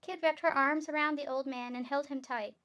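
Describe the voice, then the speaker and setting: Woman, high-pitched, streamer, reading game text aloud, chatty asides, desk mic. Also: fairly even intonation, brisk, fairly bright tone. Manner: reads aloud, breaks off for asides.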